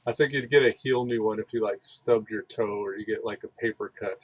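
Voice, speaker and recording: A man's voice: lowish voice, fairly even intonation, fairly quick, slightly rough, no room sound. Chatty man laughing through game commentary. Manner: rambling and chatty, laughs often. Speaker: gaming channel host. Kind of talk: casual gameplay commentary.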